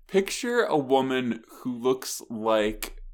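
A man's voice: medium pitch, very animated, takes it slowly, a little mellow. A man co-hosting a casual podcast tells a story with real animation, laughing often and acting out the people he met. His voice sits mid-range for a man and swoops up and down with every turn. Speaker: podcast co-host. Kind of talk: casual chat.

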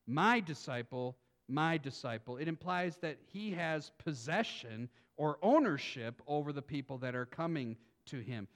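A man, a pastor preaching a sermon, reading scripture and talking earnestly with asides to the congregation. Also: a little high.

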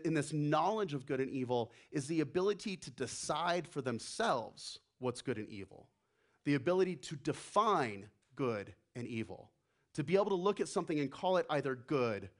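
A man preaching a sermon as the pastor, animated, acting out the voices he quotes and dropping to a hush for emphasis. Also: a little high.

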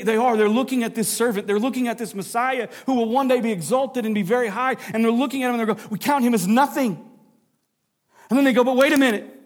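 A man preaching a sermon, dropping into low hushes and rising into emphatic lines, with jokey asides to the congregation. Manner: dramatic drops to a low hush, then rising emphasis. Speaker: pastor.

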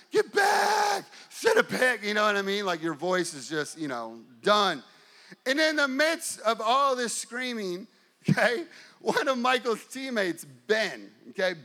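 A man in his forties preaching with a high, ringing voice that stays bright and forceful. He tells his story with lots of energy and sometimes bursts into shouts while acting out scenes. His delivery is that of a pastor keeping a congregation hooked. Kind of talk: storytelling sermon.

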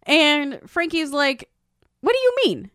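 A woman's voice: slow pace, dry recording, clean studio sound. A woman in casual chat recapping a TV episode, acting out the characters' lines with big leaps in her voice. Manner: animated, acts out characters' lines with big jumps in pitch. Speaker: co-host recapping a show.

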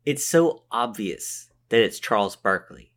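A man's voice: lowish voice, sing-song, measured pace, a bit bright. A man co-hosting a podcast, chatting casually and restarting his sentences often. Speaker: podcast co-host. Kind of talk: casual chat.

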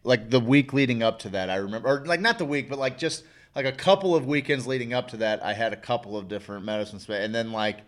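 Dude cohosting a podcast, middle pitch, rambles and restarts, swears a bunch. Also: male voice, quick pace, hardly any pauses. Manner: rambling, profane, restarts often. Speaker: podcast co-host. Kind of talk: casual chat.

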